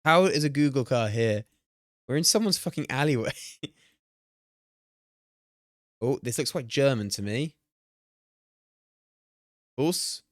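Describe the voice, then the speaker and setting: Brief: young male streamer, excitable and sweary, animated delivery, dead-dry mic. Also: mid-range voice, slow, long pauses, no echo. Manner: excitable, swears and laughs often, talks to chat. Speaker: streamer hosting a watch party. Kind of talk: casual live-stream chat while playing a guessing game.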